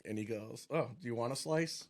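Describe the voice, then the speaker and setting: A man with a Massachusetts accent hosting a podcast, telling stories in a casual, animated way and laughing often. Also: medium pitch, a little fast. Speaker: podcast host. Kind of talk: casual storytelling chat.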